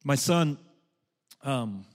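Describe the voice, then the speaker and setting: A middle-aged pastor preaches a sermon, shifting from loud, impassioned exhortation into soft, hushed storytelling. His mid-range voice is animated, and he speaks very slowly.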